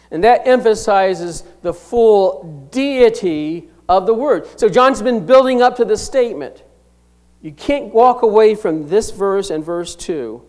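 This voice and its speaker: A middle-aged man preaching a sermon, driving points home with sudden swings between loud declarations and hushed, slowed phrases. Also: high voice. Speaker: pastor.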